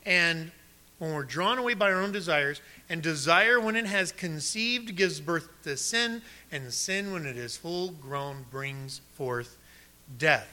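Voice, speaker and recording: Male preacher, fairly high and very bright tone, emphatic sermon delivery with soft low drops. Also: expressive, unhurried. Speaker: pastor.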